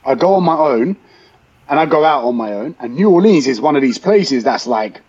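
A man with a London accent, hosting a podcast as a chatty, animated storyteller who talks casually with lots of fillers. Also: mid-range voice, moderate pace, husky, highs cut off. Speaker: podcast host. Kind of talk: casual chat.

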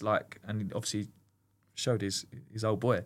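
A former goalkeeper, appearing as a podcast guest, tells a long story in a lowish voice at a moderate pace. He's a rambling, animated storyteller, and the casual chat is packed with fillers and restarts.

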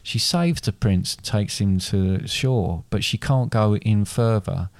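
A man's voice: on the low side, takes it slowly, no echo. Rambling man retelling a story. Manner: rambling, self-correcting storyteller. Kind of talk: casual chat retelling fairy tales.

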